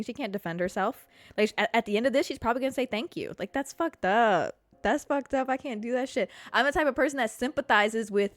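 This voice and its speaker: A young woman hosting a casual solo podcast from her couch at home, talking in an animated, expressive way and swearing a lot. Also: a little high, dry recording. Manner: animated and expressive, heavy swearing, frequent "like" fillers. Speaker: podcast host.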